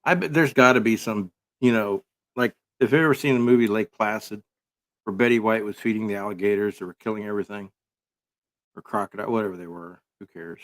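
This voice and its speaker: A man's voice: lowish voice, fairly even intonation, fairly quick. A man giving casual, rambling commentary full of sarcastic jokes and filler words.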